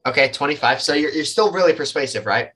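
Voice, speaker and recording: A man's voice: on the high side, expressive, fast talker, a bit bright, slightly rough. A man running a tabletop game as game master, narrating loosely with lots of fillers.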